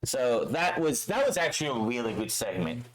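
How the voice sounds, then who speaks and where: A man's voice: mid-range voice, normal speed, poor audio. Man recapping wrestling, casual and profane. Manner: profane, excitable, acts out quoted lines. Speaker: wrestling show reviewer.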